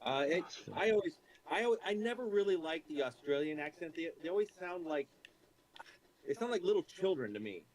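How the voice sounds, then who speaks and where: A man's voice: on the high side, expressive, brisk, poor audio. An American man chatting as a guest on a livestream, plain-spoken and opinionated. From United States. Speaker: guest on the stream. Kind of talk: casual chat on a call.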